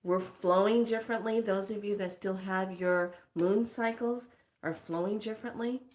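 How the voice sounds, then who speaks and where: A woman's voice: medium pitch, steady tone, normal speed, a little mellow. A middle-aged woman giving a casual spiritual pep talk as a teacher, speaking frankly and expressively and laughing often.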